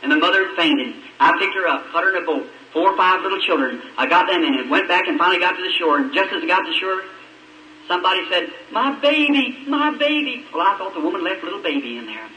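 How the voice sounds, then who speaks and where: A man's voice: a little high, fast, sharp tone, roomy sound, recorded from a distance, a little hiss or hum, poor audio. A man preaching a sermon, telling a personal story in a fervent, pleading voice. It is an old radio recording. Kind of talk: sermon testimony.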